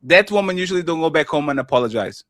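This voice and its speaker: A man with a high, bright voice, recorded dry and close. On a podcast he argues his case and acts out what other people say as he tells a story. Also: lively intonation, fast, no echo. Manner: tells stories by acting out other people's lines. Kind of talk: casual podcast debate.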